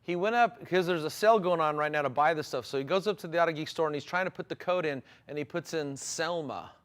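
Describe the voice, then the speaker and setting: A man's voice: on the high side, fast talker, fairly bright tone, smooth. A man hosting a live product stream, telling folksy stories in an enthusiastic, casual way. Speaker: car detailing product host.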